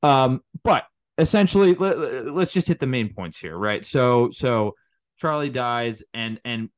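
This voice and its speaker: A man's voice: mid-range voice, a little slow, no room sound. A man co-hosting a casual movie podcast, rambling through the plot with many restarts and fillers. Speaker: podcast co-host.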